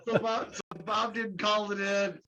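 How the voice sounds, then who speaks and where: A man guest telling a lively story in casual chat, laughing and acting out the people in it. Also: sits high, slow. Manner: animated, laughing, acts out quotes. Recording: muffled with faint noise.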